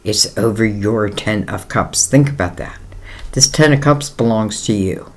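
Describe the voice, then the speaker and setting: A man's voice: lowish voice, a little slow. Rambling man giving a tarot reading. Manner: rambling, conversational, many fillers; reassuring, speaks straight to the listener. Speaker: tarot reader.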